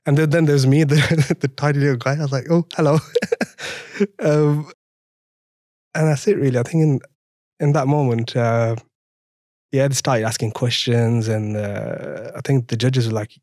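On a podcast, a young man from France recounts his story in a relaxed interview, his French accent clear as he laughs a lot and plays out dialogue with animation. He speaks at a medium pitch in a steady, unhurried tone with long pauses, a little mellow. No echo, clean studio sound.

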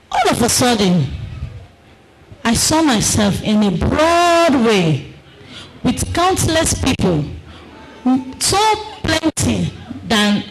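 A woman giving an emotional religious testimony. She speaks dramatically and emphatically, repeating phrases, breaking into shouts, and using non-standard English grammar. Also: fairly high pitch, a little hiss or hum, rough recording.

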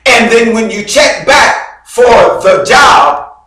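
A man preaching a sermon as a bishop, telling a story dramatically with loud bursts and sudden low drops. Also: takes it slowly. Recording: very echoey hall, mic far off.

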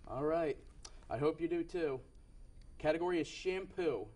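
A man's voice: a little high, moderate pace, background noise. A young man hosting a game show in a TV studio, with upbeat patter and frequent self-corrections.

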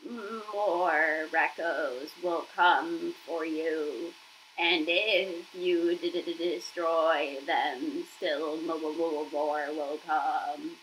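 A woman voicing a dying male hunter robot who speaks in a slow, garbled, stuttering voice. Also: low-pitched, fairly even intonation, fairly bright tone, a little hiss or hum, pitched below the performer's own voice, exaggerated voice, rough recording. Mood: dying, halting.

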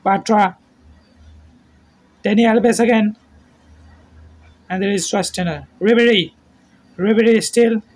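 A man's voice: high voice, steady tone, takes it slowly, pauses often. A man giving play-by-play football commentary, calling out player names in short bursts and raising his voice at goals. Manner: terse name-calling play-by-play, shouts at goals.

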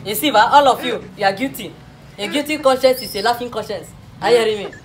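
A woman's voice: a little high, fast talker, a little hiss or hum. A woman playing a teacher in a comedy classroom sketch, lecturing preachily and laughing often. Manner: preachy, mock-serious lecturing with frequent laughs.

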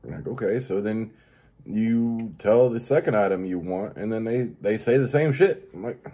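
The host of this show speaks at a moderate pace, his mellow voice tinged with breathiness. He delivers a profane comedic rant about everyday annoyances, cursing constantly and mocking people with high-pitched impressions.

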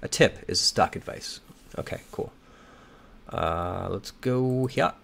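A slightly hoarse man thinking aloud as he solves a crossword, reading clues and muttering and second-guessing his answers. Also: on the low side, takes it slowly, a bit bright. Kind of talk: thinking aloud while solving.

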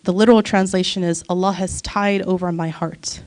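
A woman's voice: on the low side, steady tone, moderate pace, a little mellow. A woman teaching a religious study circle, telling a moving story in a heartfelt way, close to tears. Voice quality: voice breaks near tears. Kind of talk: emotional religious talk.

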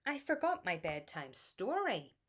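A woman voicing a sleepless little boy elephant in a storybook, speaking gently and plaintively. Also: mid-range voice, huge pitch swings, measured pace, husky, exaggerated voice. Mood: restless.

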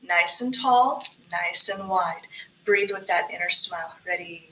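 A woman with a fairly low, sharp-toned voice speaks unhurriedly, directing a choir rehearsal on her own for virtual practice. She coaches on diction and breathing, singing short phrases between spoken tips to demonstrate. The recording is rough, with slight background noise.

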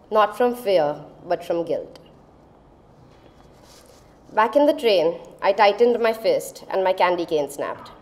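A woman, telling a personal story on stage in a dramatic, measured way. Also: medium pitch, darkish tone. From India. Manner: dramatic, measured, lingering on phrases. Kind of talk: live storytelling performance.

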